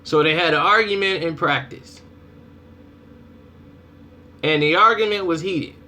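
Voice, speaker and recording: A young adult man giving casual spoken commentary on his channel, telling stories in a lively way and acting out people's reactions. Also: on the high side, a little slow. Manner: animated storytelling, acts out reactions. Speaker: vlogger.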